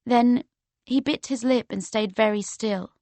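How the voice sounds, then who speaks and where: A woman's voice: a little high, a little slow, darkish tone, dry recording. Woman narrating an audiobook, dry sound. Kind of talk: first-person audiobook narration.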